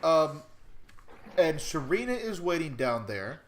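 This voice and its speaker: A man's voice: fairly high pitch, very animated, takes it slowly, a little hiss or hum. A man narrating as game master of a tabletop game, easygoing and full of fillers.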